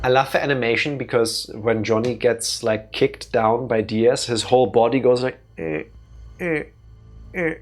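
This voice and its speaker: A man's voice: mid-range voice, moderate pace, faint music behind. A young man streaming a let's play, joking wryly and rambling with frequent restarts. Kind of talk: casual gameplay commentary.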